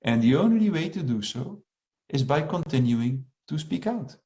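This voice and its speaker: Man, fairly high voice, slow deliberate speaker who leans on key phrases. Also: very animated, warm tone. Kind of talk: reflective monologue.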